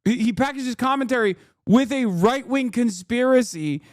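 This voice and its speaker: A man's voice: very high voice, moderate pace, dry recording, studio quality. A man reacting to clips on a stream, ranting in a profane, sarcastic way. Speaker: political streamer.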